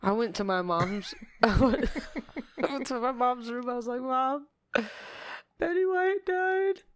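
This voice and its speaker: A woman's voice: on the high side, normal speed. A woman co-hosting a casual podcast chat, teary and laughing as she tells a story with lots of emotion. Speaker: podcast co-host.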